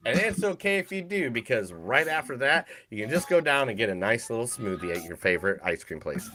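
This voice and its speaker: A man's voice: medium pitch, very animated, fairly quick, hardly any pauses, music in the background. A man co-hosting a movie podcast in loose, joking casual chat. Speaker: podcast co-host.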